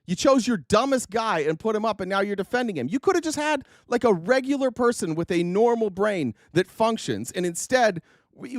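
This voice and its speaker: High-voiced man ranting profanely. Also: no room sound, studio quality. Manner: profane, heated, sarcastic; often restarts sentences. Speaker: political livestream host. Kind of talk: ranting political commentary.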